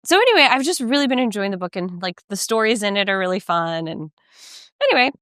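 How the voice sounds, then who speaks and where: A woman's voice: medium pitch, lively intonation, fast talker, a bit bright, no room sound, studio quality. A woman co-hosting a podcast, talking casually and rambling through a story with many fillers while walking outdoors by a lake. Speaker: podcast co-host. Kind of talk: casual chat.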